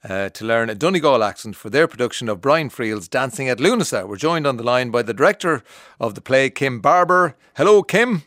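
An Irish man hosting a radio interview show, chatty and quick to laugh, often restarting his sentences. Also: mid-range voice, expressive, fairly bright tone, no room sound, clean studio sound.

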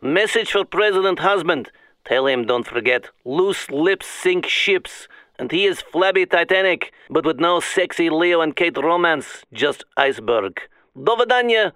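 A man voicing a sly male Russian leader with a heavy put-on Russian accent, speaking broken English with slow pauses. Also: fairly high pitch, lively intonation, a bit bright, clean tone, no echo. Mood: scheming.

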